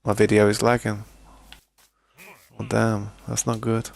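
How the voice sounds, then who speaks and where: Gravelly British man chatting through gameplay. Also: on the low side, monotone, a little slow. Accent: British English. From Britain. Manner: chatty, stammering restarts, addresses chat as mate and boys. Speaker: gaming streamer. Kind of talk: casual live gameplay commentary.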